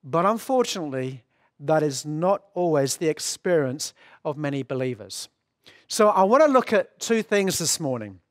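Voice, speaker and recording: A man preaching an earnest sermon, walking his listeners through each point and often restarting his phrases. His voice sits slightly higher than most men's, and the sound is dry and close. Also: very animated, moderate pace, no echo. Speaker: pastor.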